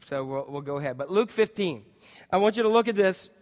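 A male pastor delivers a lively, conversational sermon with a fairly high voice. He slips into quoted voices to act out the story. The sound carries a long church-hall reverb. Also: fairly quick. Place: church sanctuary.

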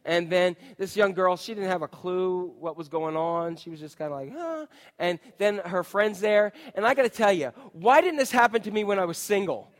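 A man's voice: sits high, normal speed, hardly any pauses. A middle-aged man, a pastor, delivering a sermon built around a funny personal story, playfully mimicking other people's voices.

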